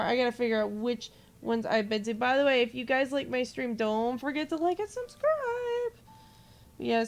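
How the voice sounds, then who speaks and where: A woman's voice: fairly high pitch, creaky. A woman in her twenties, a game streamer, ranting in casual live-stream chat and swearing freely. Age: 20s.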